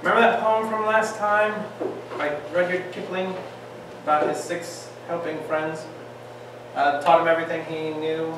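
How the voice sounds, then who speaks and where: A man teaching a Bible class, lively and joking, firing off questions at his students. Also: fairly high pitch, normal speed. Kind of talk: classroom lecture. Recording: echoey room, distant mic, faint hiss.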